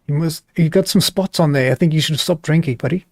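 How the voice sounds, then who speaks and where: A South African man streams a game in a chatty, joking way and laughs often. His voice is mellow and sits a little high. The sound is dry and close to the mic. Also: brisk, creaky, no echo. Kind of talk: casual gameplay commentary.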